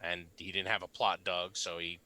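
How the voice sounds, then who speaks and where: A man narrating as game master of a tabletop game, relaxed and rambling with fillers. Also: low-pitched, normal speed, rough recording. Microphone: desk mic on a live stream.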